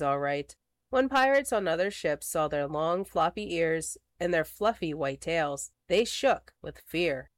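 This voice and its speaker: A woman reading a children's picture book aloud, expressive and slowing for dramatic words. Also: lowish voice, no room sound, clean studio sound. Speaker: storybook reader.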